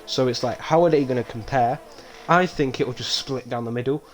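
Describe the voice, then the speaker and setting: A sim racing league commentator gives live race commentary on a stream. His banter is casual, rambling, and self-mocking, turning loud and excited when incidents happen. He has a medium-pitched voice and talks fairly quickly.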